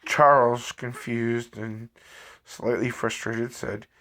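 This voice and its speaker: A man narrating an improvised story in a halting, self-correcting way. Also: mid-range voice, fairly even intonation, fairly bright tone.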